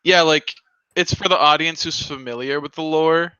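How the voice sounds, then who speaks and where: Chatty man with a bright dry voice. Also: on the high side, moderate pace, clean tone, dry recording, dull audio. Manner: chatty, opinionated, frequent ums and likes. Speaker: host. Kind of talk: casual movie-watch commentary.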